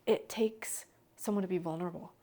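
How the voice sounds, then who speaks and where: A young adult woman hosting a podcast, chatting casually and telling animated stories with frequent laughter. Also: on the low side, fairly quick. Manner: animated storytelling, laughs often. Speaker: podcast host. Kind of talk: casual chat.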